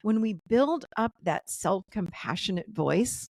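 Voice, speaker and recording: A woman coach talks on a video call in a lively, chatty way, laughing and acting out what her clients said. Her mid-range voice has a gravelly, fried edge. The sound is dry and close, with no room around it. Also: mid-range voice, unhurried, no echo. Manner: animated, laughing, acts out client quotes. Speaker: guest coach and author. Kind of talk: casual interview chat.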